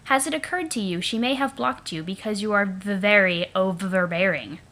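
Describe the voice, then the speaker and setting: A poised young female troll , voiced by a woman reader, answers with cool, dry sass. She stays composed and precise even while she mocks someone. She sounds like a sharp heroine from a webcomic. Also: mid-range voice, moderate pace.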